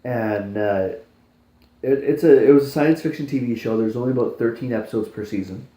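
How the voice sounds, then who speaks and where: Mellow-voiced Canadian man in a roomy space. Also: medium pitch, brisk. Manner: hesitant, many fillers and restarts. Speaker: podcast co-host. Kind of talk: casual chat. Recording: roomy sound.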